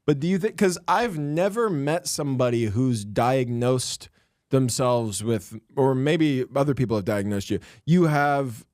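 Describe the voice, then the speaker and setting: A man's voice: mid-range voice, unhurried, darkish tone, no echo. Podcast comic guy roasting his buddy, plain mid voice, dry sound. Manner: teasing, blunt. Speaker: podcast co-host, comedian. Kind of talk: casual comedy banter.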